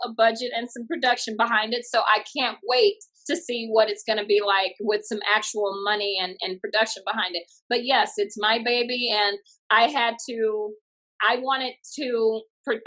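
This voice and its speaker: A woman comedian from a small town in Texas, telling stories in a lively way and acting out what people said. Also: a little high, rough recording. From Tatum, Texas. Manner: lively, acts out quotes in bursts. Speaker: comedian and guest. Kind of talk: animated storytelling.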